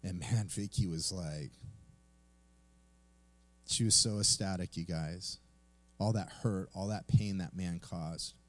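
A man's voice: sits low, slow pace, long pauses. A man preaching a sermon, telling a personal story in a conversational way and then reading scripture aloud. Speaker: pastor.

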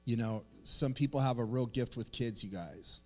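Middle-aged male pastor, casual animated sermon delivery, mid-pitched voice, long hall reverb. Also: moderate pace. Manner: animated, conversational, acts out quotes. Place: church sanctuary.

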